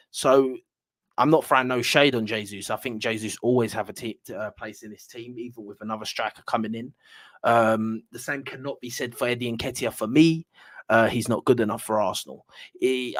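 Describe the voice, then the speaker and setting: A young man gives his blunt football opinions, rambling along and slipping into slang and the odd swear word. His mid-pitched voice sits close to the mic in a dry room with no echo. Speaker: football fan channel host. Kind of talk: casual football opinion talk to camera.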